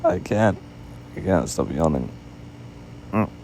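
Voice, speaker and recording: Yawning man in whispered role-play, gravelly. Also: deep voice, lively intonation, slow pace, slight background noise, poor audio. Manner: yawning constantly, sleepy and doting; soft-spoken, affectionate, drifting into whispers. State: tired, yawning. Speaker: ASMR boyfriend role-play creator.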